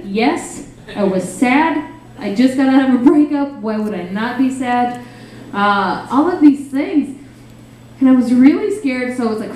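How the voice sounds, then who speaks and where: A young woman does a stand-up set in a small cafe, rambling, self-deprecating, and full of fillers. Her voice sits on the high side with a darkish tone, and she's far from the mic. The very echoey room carries faint ambience plus a little hiss or hum.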